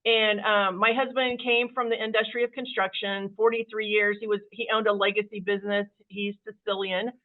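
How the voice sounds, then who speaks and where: A woman company CEO telling her story as a guest in an interview, chatty and animated, acting out the voices of people she quotes. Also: medium pitch, normal speed, few pauses. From Kansas City area, USA. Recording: phone-like narrow-band sound.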